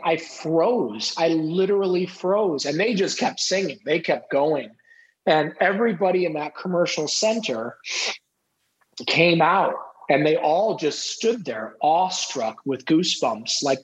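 A middle-aged man, a podcast guest, telling a personal story in an animated way and acting out the dialogue. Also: a little high, poor audio. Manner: animated, acts out quoted dialogue.

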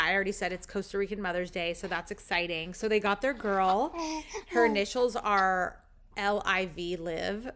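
A woman in her thirties hosting a podcast, telling a family story in a chatty, excited way with lots of fillers. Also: mid-range voice. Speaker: podcast host. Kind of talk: casual personal storytelling.

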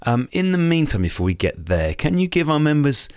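A man's voice: fairly high pitch, very animated, fairly quick, darkish tone, smooth, no echo, studio quality. A man hosting a cycling club podcast in an upbeat, chatty way. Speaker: podcast host, club chairman. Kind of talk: casual podcast chat.

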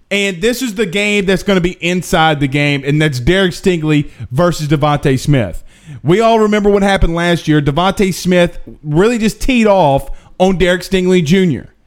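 A young man hosting a sports podcast, talking casually and energetically, repeating himself for emphasis. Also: sits high. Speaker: podcast host.

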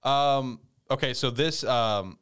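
Speaking at a slow pace, a man with a clear, resonant, slightly bright voice rambles through an anime episode recap. He swears casually and switches to squeaky high voices whenever he plays the characters.

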